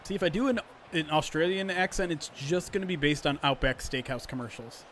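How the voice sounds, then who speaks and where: Slightly high-voiced male play-by-play streamer. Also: a little fast, a little hiss or hum. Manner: animated play-by-play mixed with chatty asides to viewers; clears his throat often. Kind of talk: livestream sports play-by-play commentary.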